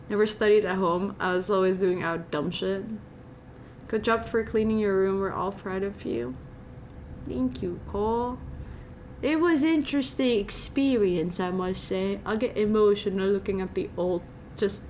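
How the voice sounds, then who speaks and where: A woman's voice: mid-range voice, a little hiss or hum. A young woman from Indonesia, chatting playfully and giggling as she reads and answers her viewers' messages on a live stream.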